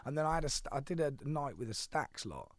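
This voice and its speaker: A man, a guest in a casual radio interview, relaxed, self-deprecating and quick to laugh. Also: on the high side, no echo. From England. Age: 30s. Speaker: guest singer. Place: radio studio. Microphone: studio microphone.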